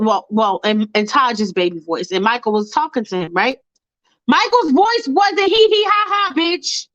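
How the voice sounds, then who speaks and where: Profane high-voiced woman ranting on a livestream. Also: a bit bright, dry recording, lo-fi sound. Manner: blunt, profane, fired-up, talks to chat. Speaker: host of a fan livestream. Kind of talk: casual livestream rant.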